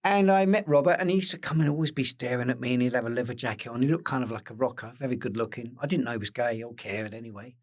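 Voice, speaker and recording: An older man with an Essex accent, telling lively anecdotes as an interview guest and acting out the quotes. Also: mid-range voice, quick pace, few pauses. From England. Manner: animated anecdotes with acted-out quotes, occasional swearing. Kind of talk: casual storytelling interview.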